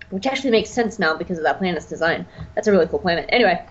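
A woman's voice: fairly low pitch, animated, racing, few pauses, slightly rough, muffled recording. A woman co-hosting a podcast from her bedroom, chatting casually with lots of fillers and laughs. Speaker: podcast co-host.

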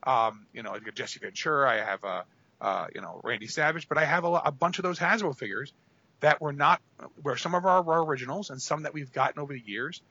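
A man with a bright, forceful voice chats casually as a podcast co-host. He rambles through long stories, packing them with "you know" and "like". The audio is dull and lo-fi. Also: on the high side, fast, dry recording. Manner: rambling, filler-heavy storytelling. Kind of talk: casual chat.

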